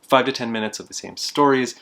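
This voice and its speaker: A man's voice: medium pitch, brisk, creaky, fairly bright tone. A young man hosting a board game channel, chatting casually and explaining a card game in a self-deprecating way. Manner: chatty, self-deprecating, laughs while telling.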